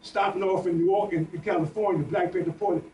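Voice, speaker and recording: A man's voice: high voice, steady tone, quick pace, darkish tone. An older man, speaking on a panel with impassioned, repetitive emphasis. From New Orleans. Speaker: panel speaker, veteran activist. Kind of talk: panel discussion. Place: community bookstore room. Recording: echoey room, distant mic, faint noise.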